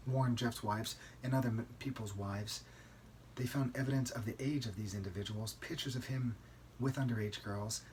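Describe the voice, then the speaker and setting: A man hosting a solo podcast, telling a story in a conversational, emphatic way and often tagging a quick "right?" onto his sentences. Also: mid-range voice, a little mellow, slight background noise. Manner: conversational, keeps asking "right?"; emphatic, outraged. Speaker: podcast host.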